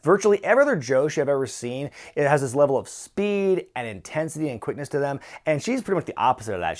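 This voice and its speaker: A man reviewing wrestling matches in casual, opinionated commentary with frequent fillers. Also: medium pitch.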